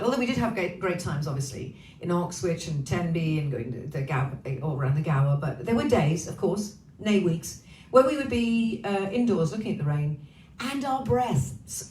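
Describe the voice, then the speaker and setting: A chatty, foul-mouthed woman greets her viewers in a relaxed, cheeky way. Her voice sits a little away from the mic in a roomy, echoey space with a faint hiss underneath. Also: lowish voice, normal speed, distant mic. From Wales. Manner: chatty, cheeky, swears freely. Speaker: singer hosting a livestream. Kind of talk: casual chat greeting viewers. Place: her home.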